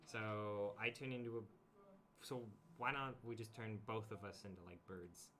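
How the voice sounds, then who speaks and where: A man's voice: on the low side, fairly even intonation, normal speed, a crowd in the background. A man chatting casually as a player in a tabletop game, thinking plans through aloud.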